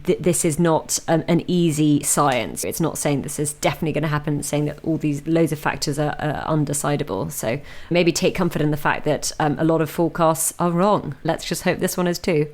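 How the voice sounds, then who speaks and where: A woman speaking as a panelist on a news discussion podcast, measured and thoughtful. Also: low voice, steady tone, darkish tone.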